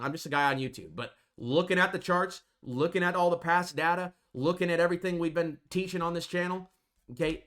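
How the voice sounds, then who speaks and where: A man's voice: fairly high pitch, bright, forceful tone. A man hosting a trading channel, giving emphatic, repetitive market commentary over charts and tagging his lines with "okay" and "folks".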